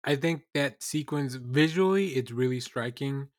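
Halting man in podcast chat. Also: mid-range voice, no echo, clean studio sound. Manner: halting, many restarts and fillers. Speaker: podcast co-host. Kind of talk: casual recap chat.

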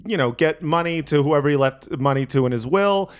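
A man with a somewhat high voice chats casually in a group, thinking out loud. He wanders through his points, stalling and restarting sentences as he goes. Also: fairly quick, clear, resonant tone. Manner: rambling, hesitant, restarts thoughts.

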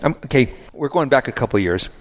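A vineyard owner and grape grower explaining planting choices in a measured, self-deprecating way during a casual podcast conversation. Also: male voice, medium pitch, lively intonation.

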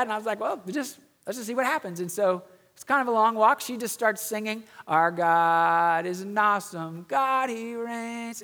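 High-voiced pastor preaching in a hall. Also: male voice, fairly bright tone. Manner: storytelling, earnest, slows for emphasis. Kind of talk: sermon.

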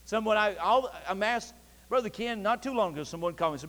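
A man preaching a sermon, telling his story with feeling and building to fervent, near-shouted passion. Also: sits high, lively intonation, quick pace. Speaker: pastor. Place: church sanctuary. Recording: long church reverb.

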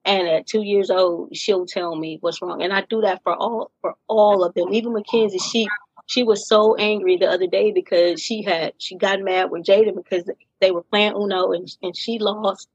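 A middle-aged woman speaking as a podcast guest, telling her own story in an earnest, deliberate way and leaning on key phrases. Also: mid-range voice, steady tone, slightly rough, dry recording, dull audio. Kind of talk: candid personal storytelling in conversation.

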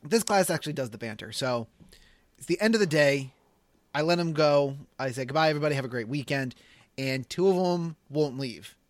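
Male podcast co-host, rambling storyteller, fairly high voice, dry sound. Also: lively intonation, a little fast, no room sound. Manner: rambling, hedging with many fillers. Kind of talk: casual chat, storytelling.

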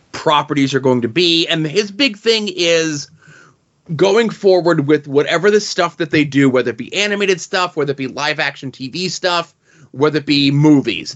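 A man's voice: a little high, fairly bright tone, dull audio. A man co-hosting a comics podcast in casual chat, rambling with lots of fillers. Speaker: podcast co-host.

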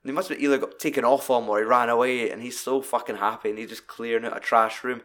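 A man's voice: medium pitch, fast talker, hardly any pauses. Sweary Scottish man reviewing a film. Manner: sweary, animated storytelling. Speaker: podcast host. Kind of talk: casual film review chat.

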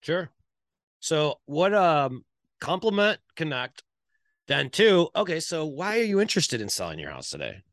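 A man's voice: on the high side, big pitch swings, unhurried, fairly bright tone, no room sound, studio quality. A man hosting a conversational interview, agreeing with his guest and thinking aloud as he sums up the points. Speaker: podcast host.

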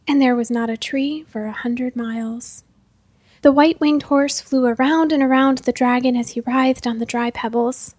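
A woman narrating a classic children's fairy tale in a gentle, measured storytelling manner. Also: high-pitched, no room sound.

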